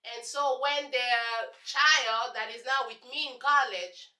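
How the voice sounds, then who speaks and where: A young woman from Congo with a Congolese accent, a native Lingala speaker, telling sarcastic, animated stories to camera as a vlogger. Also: on the high side, slow pace. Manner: sassy, sarcastic, animated storyteller. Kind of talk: casual storytelling to camera. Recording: echoey room, voice off-mic.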